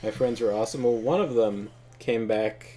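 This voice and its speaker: A man's voice: on the low side, normal speed, warm tone. A man hosting a casual gaming commentary, rambling through crude jokes and laughing often. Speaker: let's play host.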